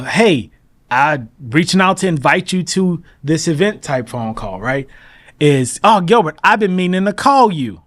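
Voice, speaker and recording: A man being interviewed as a mortgage broker, talking in an animated, emphatic way and acting out his phone calls. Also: high voice. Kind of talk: casual interview talk.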